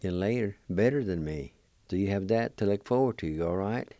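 A man with a low, mellow voice gives a language lesson, taking his time over every syllable. He spells and sounds out each word with patient, encouraging care. The sound is close and dry. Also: lively intonation, dry recording. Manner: slow, deliberate syllable-by-syllable spelling and pronouncing. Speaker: language teacher.

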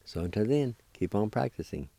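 A man's voice: on the low side, expressive, moderate pace, gravelly, dark tone, no room sound. A man teaching a language lesson, patiently spelling and sounding out words syllable by syllable and encouraging his listeners.

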